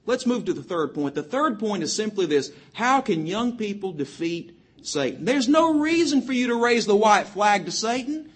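A man's voice: high voice, big pitch swings, husky. A man preaching a sermon to young people, emphatically citing chapter and verse and quoting scripture in old-fashioned wording. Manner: quotes scripture in King James wording, cites verses rapidly.

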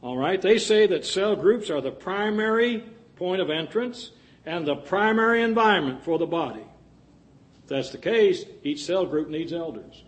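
Man, preacher, sermon, earnest, folksy asides, slightly higher voice. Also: lively intonation, normal speed.

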